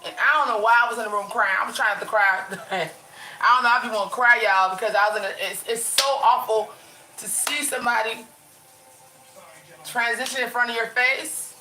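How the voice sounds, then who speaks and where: A woman's voice: a little high, fairly even intonation, fairly quick, pushed and bright, echoey room, poor audio. A woman chatting casually with viewers from her bedroom, talking in a loose, rambling way with a runny nose. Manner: chatty, addresses viewers as y'all, lots of restarts. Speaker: vlogger. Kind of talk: casual livestream chat.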